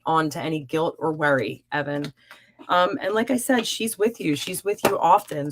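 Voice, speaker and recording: A young adult woman hosting a live stream as a psychic reader, chatting warmly and encouragingly with viewers. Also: fairly low pitch, a little hiss or hum. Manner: warm, encouraging and upbeat. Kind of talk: live-stream chat reading viewer comments.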